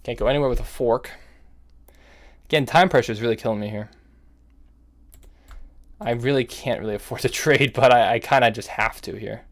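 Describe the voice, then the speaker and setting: A man's voice: medium pitch, fairly quick, pauses often. A young man commenting on his own online chess games as he plays, thinking aloud and scolding himself in casual slang. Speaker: chess streamer. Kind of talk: live-streamed gameplay commentary.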